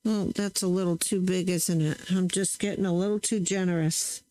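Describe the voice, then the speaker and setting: Over a rough recording, a woman with a lowish, dark, steady voice speaks at a moderate pace. She hosts a crafting channel, testing stamps while chatting casually to viewers and often correcting herself.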